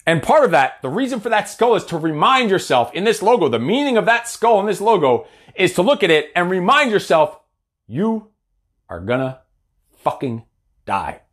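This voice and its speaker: A man's voice: high voice, big pitch swings, brisk, a bit bright. A man in his forties, a coach giving a blunt, profane, fired-up motivational talk. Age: 40s. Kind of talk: motivational monologue.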